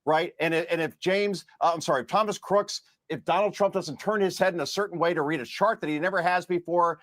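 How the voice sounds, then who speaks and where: A man's voice: high-pitched, a little fast, a bit bright, no echo, studio quality. A man from New Jersey giving indignant, emphatic political commentary on a television news segment.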